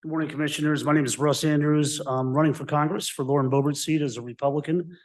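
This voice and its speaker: A man's voice: a little high, fairly even intonation, quick pace, a little mellow. Male political candidate from the Western Slope, prepared public comment, emphatic and combative. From Colorado's Western Slope. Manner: combative, emphatic, repeated strong claims.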